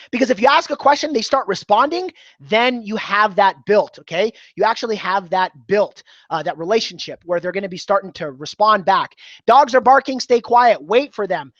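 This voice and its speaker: A man's voice: high-pitched, a bit bright, no room sound. A man coaching door-to-door salespeople, talking energetically and acting out short dialogues with customers. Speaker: sales trainer. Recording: dry, slightly dull recording.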